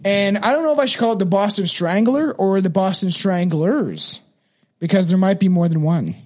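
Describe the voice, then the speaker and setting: A man's voice: high voice, lively intonation, moderate pace, darkish tone. A young man co-hosting a true-crime podcast, talking casually with lots of fillers and swearing, and stumbling a little when reading from notes. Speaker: podcast co-host leading the episode.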